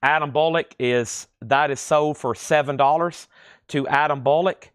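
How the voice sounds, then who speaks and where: A man with a lilting Tennessee accent hosting a live-stream record sale, reading titles, conditions and prices in a steady, easy patter. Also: on the high side, a little slow, clear, resonant tone, no room sound, clean studio sound. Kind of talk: live-stream auction selling.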